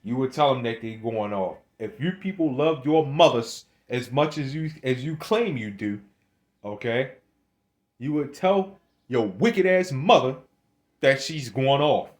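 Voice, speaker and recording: A man's voice: mid-range voice, expressive, measured pace. A man delivering a rambling religious rant to camera, scolding his viewers, swearing and restarting his phrases. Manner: scolding, swears, laughs between points. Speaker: religious video maker.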